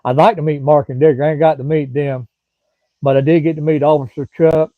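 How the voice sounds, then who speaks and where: Southern man, middle-aged, rambling folksy live-stream host, slightly high voice, dry thin phone-like sound. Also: steady tone, brisk, dry recording. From Florida. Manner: rambling, folksy, drawling, chats to commenters by name. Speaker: livestream host. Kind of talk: casual live-stream chat with viewers.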